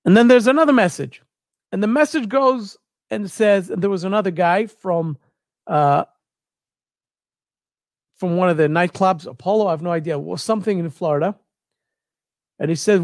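Man, high voice, dry close sound, animated storyteller. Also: normal speed, pauses often, no room sound. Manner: searches for words, repeats phrases, animated retelling. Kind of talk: casual storytelling.

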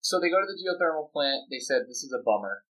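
A man's voice: medium pitch, animated, quick pace, fairly bright tone, poor audio. A man in casual, rambling conversation, brainstorming a story with a friend, playful and full of fillers.

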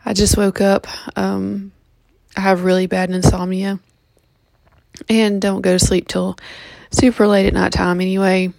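A sleepy woman gives a casual update from home, her speech halting and full of ums and restarts. Her voice is gravelly and fairly flat in tone. The recording is close and dry. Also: mid-range voice, no echo. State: just woke up, yawning. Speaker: vlogger giving a pet health update.

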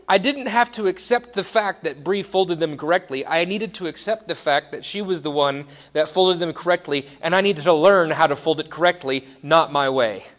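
A man's voice: a little high, moderate pace, fairly bright tone. A man in his thirties giving a conversational sermon, wry and self-deprecating. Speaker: pastor.

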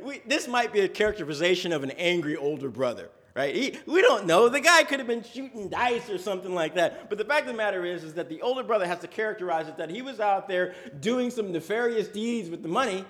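Man preaching, high voice, chatty storytelling, animated asides. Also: a little fast. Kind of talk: sermon.

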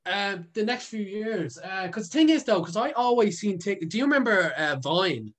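A young adult man appears as a guest, a content creator casually telling a story. He rambles, laughs often, and fills his speech with fillers and swearing. His voice sits high and is a bit bright, expressive, at a moderate pace.

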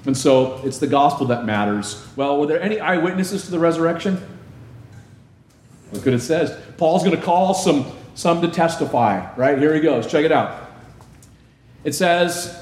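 A man's voice: on the high side, lively intonation, moderate pace, darkish tone. A man preaching a sermon as a pastor. He talks in a conversational way and keeps asking the congregation questions. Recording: echoey room, faint ambience.

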